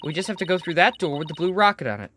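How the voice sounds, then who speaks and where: A wary male defense lawyer from a video game, plain-spoken and a little hesitant, as a streamer reads him out. The voice keeps its pitch moving. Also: animated, very fast, fairly bright tone, a little hiss or hum, lightly acted. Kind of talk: reading game dialogue aloud.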